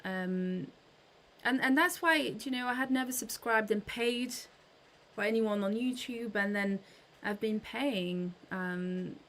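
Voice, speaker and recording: Speaking slowly in a fairly bright, high-leaning voice, this livestream host keeps things casual with her audience. She welcomes viewers by name, frequently stumbling through fillers and restarted sentences.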